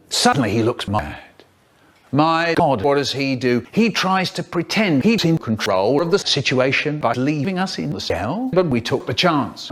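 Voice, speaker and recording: Man, playful storyteller, lively swooping voice, fairly high, sudden swings. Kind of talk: spliced comic storytelling clips.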